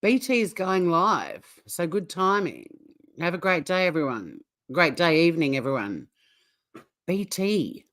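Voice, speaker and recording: A middle-aged woman with an Australian accent hosting a casual livestream, blunt and quick to swear, often breaking into laughter as she chats. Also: fairly low pitch, big pitch swings, fairly bright tone. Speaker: livestream host. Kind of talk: casual livestream chat reacting to a clip.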